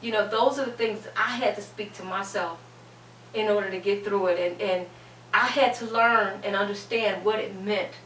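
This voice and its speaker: A woman's voice: mid-range voice, steady tone, normal speed, fairly bright tone. A middle-aged woman giving an emphatic, preacher-like testimony as a panel guest, repeating phrases for weight. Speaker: guest, cancer survivor. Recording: echoey room, distant mic, faint hum.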